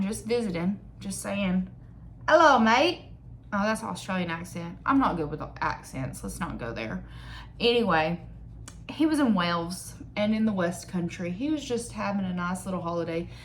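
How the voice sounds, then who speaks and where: A woman's voice: mid-range voice, a little hiss or hum. A young woman chatting casually while doing her makeup on camera, rambling, joking about herself and reading figures aloud from a screen. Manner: rambling, joking and self-mocking. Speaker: beauty vlogger.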